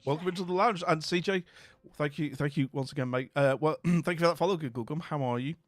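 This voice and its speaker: A man's voice: fairly high pitch, fast talker, no echo. A man hosting a live stream, chatting with viewers in a rambling, jokey way full of fillers, and sounding tired. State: tired and dopey. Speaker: livestream host. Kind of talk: casual live-stream chat greeting viewers.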